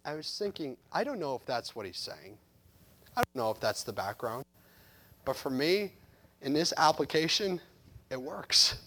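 A man in his thirties preaching a sermon as a pastor, earnest, swinging between loud emphasis and soft reflection. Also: on the high side, expressive, moderate pace.

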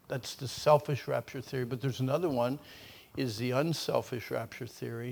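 An older man preaching a sermon with a personal story, animated, his voice surging loud and dropping to near whispers. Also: medium pitch, moderate pace, creaky.

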